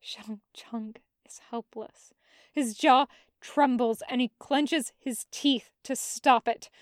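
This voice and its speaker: A woman reading fan fiction aloud as a podfic narrator, soft and tender. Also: fairly high pitch, fairly even intonation, takes it slowly, no room sound, studio quality. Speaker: podfic reader.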